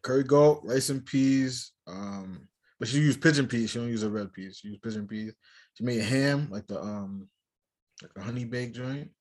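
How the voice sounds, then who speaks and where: A man's voice: medium pitch, normal speed, a little mellow. A man co-hosting a casual podcast chat, joking and laughing often in loose slangy banter. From West Indian family. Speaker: podcast co-host.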